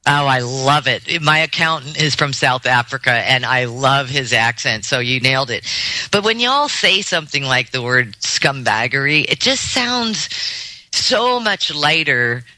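A man's voice: medium pitch, animated, unhurried, bright, forceful tone, dry recording. A man hosting a podcast in a casual chat, rambling with lots of restarts and easy laughter. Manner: rambling, many fillers and restarts, laughs easily. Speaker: podcast host.

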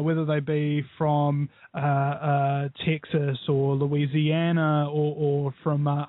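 A New man with a fairly high voice rambles through opinions as a guest on a call-in interview, animated and digressive. He comes through a tinny, phone-like internet call line. The sound is bone dry, with no room around it. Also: no echo. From New Zealand. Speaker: guest, radio show host. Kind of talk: call-in interview over Skype.

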